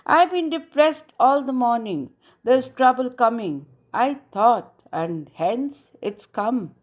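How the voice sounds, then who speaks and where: A woman's voice: on the high side, expressive, slow. A woman voicing a nervous middle-aged aunt who turns sharply and accusingly on the boy's mother. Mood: indignant.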